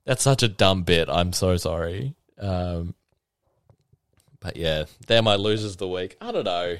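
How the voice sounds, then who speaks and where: A man's voice: low-pitched, measured pace, clear, resonant tone, no echo. A man hosting a casual solo podcast, ranting with swearing and mocking impressions, a bit tipsy. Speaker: podcast host.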